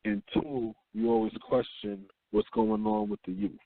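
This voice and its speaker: Gravelly man hosting call-in radio. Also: on the low side, big pitch swings, no room sound. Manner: unhurried, reflective, reads news aloud. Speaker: radio show host. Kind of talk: call-in talk radio monologue. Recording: phone-line call-in audio.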